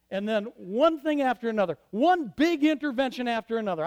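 A man with a notably high voice delivers a sermon from the pulpit. He swings from loud, emphatic declarations down to hushed, almost whispered passages, speaking as a pastor to his congregation. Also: lively intonation, normal speed, few pauses, smooth. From Michigan.

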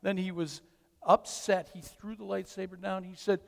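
Gravelly older man telling a story. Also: high voice, flat delivery, long reverb tail. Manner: halting, repeats words, self-mocking humor. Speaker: grandfather telling a family story. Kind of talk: personal storytelling.

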